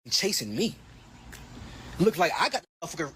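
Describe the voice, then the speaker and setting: A young man in his twenties ranting profanely in a clip, swinging between loud mocking and low mutters. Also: sing-song, normal speed, long pauses, slight background noise. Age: 20s. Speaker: boxer.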